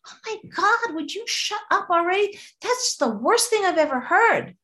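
A woman's voice: very high voice, big pitch swings, moderate pace, sharp tone, pitched above the performer's own voice, heavily acted. A woman voicing a rude, scornful crow in a told fable, blunt and mocking.

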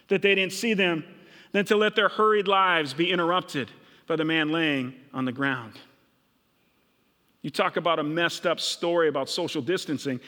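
A man's voice: high voice, pushed and bright, in a large hall. A middle-aged man from Minnesota preaching a sermon, retelling a story and voicing the characters' thoughts. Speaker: pastor.

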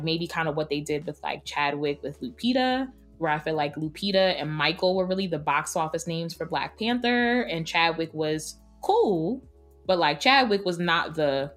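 A woman in her late twenties co-hosting a podcast in casual chat, with a sassy manner and quick asides. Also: deep voice, fairly bright tone. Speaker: podcast co-host.

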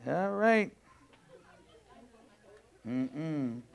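A man preaching a sermon as pastor, swinging between quiet talk and loud, urgent emphasis. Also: fairly high pitch, animated, very slow, vocal fry.

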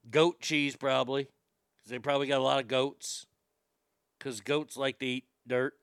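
Man, comedy podcast host, rambling irreverent monologue, smooth crisp voice, dry close sound. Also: a little high, no room sound. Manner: irreverent, rambling, deadpan jokes.

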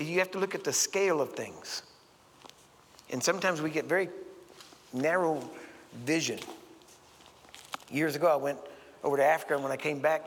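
Man preaching, folksy storytelling, acts out voices, gravelly tone, long church reverb. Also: medium pitch, fairly bright tone, a little hiss or hum. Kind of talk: sermon. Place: church sanctuary.

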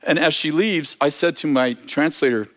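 Male preacher, somewhat high voice, animated storyteller, trips over his words. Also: moderate pace. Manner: animated, with frequent restarts and fillers. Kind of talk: storytelling testimony.

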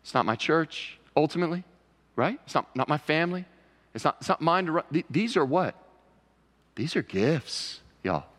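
Brief: male pastor, lively preaching delivery, long church-hall reverb. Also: fairly high pitch, moderate pace. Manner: conversational preaching, rising to emphatic pleading. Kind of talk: sermon. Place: church sanctuary.

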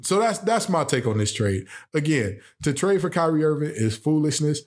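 A man hosting a sports talk show, giving opinionated commentary with animated rhetorical questions and sarcastic jokes. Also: a little high, normal speed, hardly any pauses.

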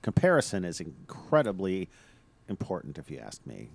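A man with a very low, deep voice argues his music opinions earnestly in relaxed podcast chat. He sounds sincere and firmly committed to his point. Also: normal speed, creaky. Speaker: podcast co-host. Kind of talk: casual podcast banter.

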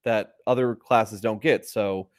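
A man co-hosting a podcast, rambling in relaxed casual chat and often restarting his sentences. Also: fairly low pitch, measured pace. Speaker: podcast co-host.

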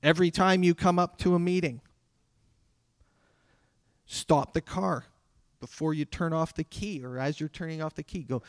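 A man delivering a sermon as a pastor, talking conversationally with dramatic pauses. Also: a little high, no echo, clean studio sound. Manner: conversational preaching with dramatic pauses and acted quotes.

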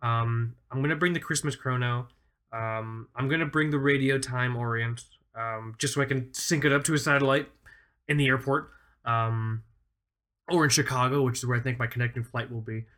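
A man's voice: mid-range voice, fairly even intonation, moderate pace, a bit bright. A man in his thirties co-hosting a casual podcast, rambling enthusiastically with lots of fillers. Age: 30s. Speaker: podcast co-host.

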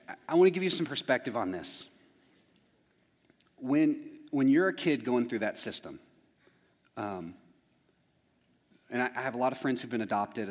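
A man's voice: on the low side, in a large hall. A man preaching a sermon as pastor, talking casually and speaking straight to his audience. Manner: conversational, addresses the audience directly.

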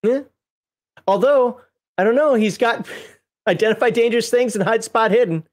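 A co-host in a relaxed chat who reads rulebook entries aloud and breaks off into laughs and jokes. The pitch sits in the middle, and the talk is easy and unhurried. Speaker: co-host reviewing a game book.

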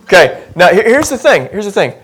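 Guy preaching in church, kinda high voice, chatty and jokey about himself, keeps asking the room stuff. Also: big pitch swings, fairly quick, noisy background. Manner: chatty, self-deprecating, asks the congregation questions. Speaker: pastor. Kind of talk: conversational sermon. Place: church sanctuary.

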